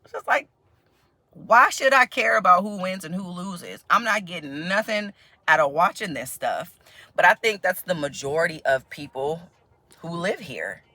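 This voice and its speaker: A woman's voice: lowish voice, normal speed, dry recording. An American woman talking casually to camera in a vlog, chatty and laughing often. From United States. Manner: chatty, laughs often, quotes others in animated voices. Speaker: vlogger.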